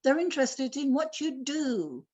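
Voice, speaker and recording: A woman in her seventies with a high-sitting voice tells stories as a guest on a video call, speaking unhurriedly. She's blunt, lively and playful in her casual storytelling. The sound is lo-fi.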